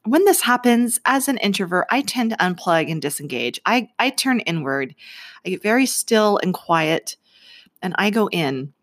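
A woman's voice: mid-range voice, big pitch swings, normal speed. A woman in her forties telling a story to camera in a chatty way, laughing often and acting out the voices in it. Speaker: vlogger.

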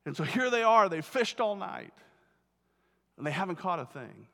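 Animated preacher in a reverberant hall. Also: male voice, sits high, moderate pace, vocal fry. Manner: animated storytelling, acts out quoted voices, repeats words. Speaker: pastor. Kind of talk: sermon.

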